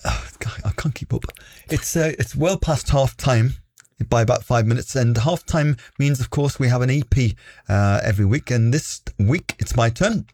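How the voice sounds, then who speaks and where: A man's voice: mid-range voice, normal speed, a little mellow, no echo. A man co-hosting a radio show, ribbing his co-host with dry banter. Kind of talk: casual radio chat.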